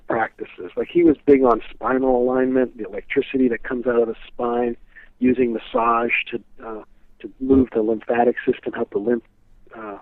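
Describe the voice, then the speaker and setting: A guest expert on an interview show tells stories in a casual, rambling manner, packed with fillers and animated retellings. His voice is mid-range, heard over a tinny, dry phone line.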